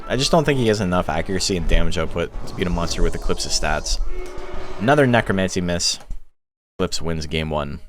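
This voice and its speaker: A man hosting a live stream, giving casual commentary on monster battles in a relaxed, chatty way and laughing as he tells stories. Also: sits low.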